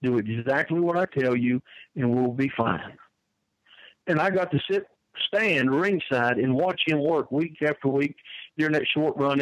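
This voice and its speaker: Telling folksy wrestling tales in an interview, this older male guest, a wrestling manager, tends to repeat his words. His voice is on the high side, with no echo and the highs cut off.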